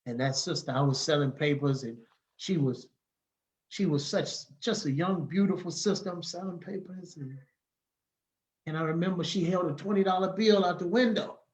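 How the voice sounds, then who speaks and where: A man, telling stories as a podcast guest in a lively, casual way and acting out the people he quotes. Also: on the high side, normal speed, rough recording. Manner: animated, acts out the people he quotes, laughs often. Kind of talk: casual storytelling.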